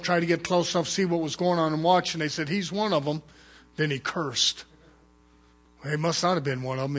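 A man preaching a fervent sermon as pastor, swinging between loud urgent calls and hushed low asides.

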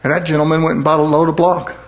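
In a level tone, a man preaches with fervent cadence, sprinkling in amens and hallelujahs. Scripture passages come slower and lower.

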